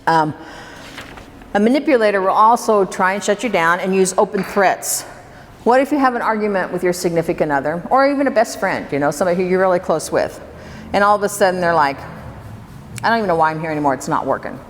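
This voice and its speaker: A woman's voice: mid-range voice, lively intonation, fairly quick. A woman presenting a workshop to a live audience, talking conversationally and putting questions to the room. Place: hall with an audience. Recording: reverberant hall, faint room noise.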